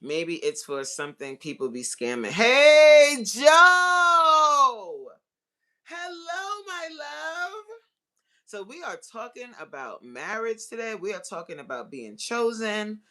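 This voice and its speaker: A woman coaching on relationships in a casual live-stream chat, excitable and talking straight to her viewers as y'all. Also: low voice, moderate pace, hardly any pauses.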